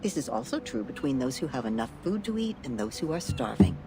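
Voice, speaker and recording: Cryptic low-voiced game sage. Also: female voice, very animated, a little fast. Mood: musing. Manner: cryptic, philosophical, gently commanding. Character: mysterious calm woman speaking in riddles. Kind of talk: game voice acting. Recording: game dialogue over loud music.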